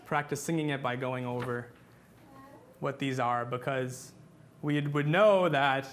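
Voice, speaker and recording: A man's voice: medium pitch, unhurried, slight background noise. A man teaching a class on church chant, talking patiently with many fillers and restarts, and singing short examples.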